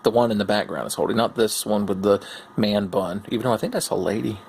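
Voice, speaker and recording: A young man hosting casual comic commentary on game cards, sarcastic, profane and animated. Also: lowish voice, fast, creaky, slight background noise. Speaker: host.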